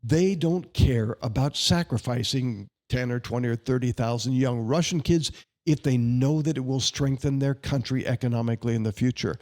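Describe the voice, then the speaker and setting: Emphatic man with a mellow voice. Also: mid-range voice, moderate pace. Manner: emphatic, indignant and sarcastic; tells anecdotes in a chatty way. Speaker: congressional candidate. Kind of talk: podcast interview answers.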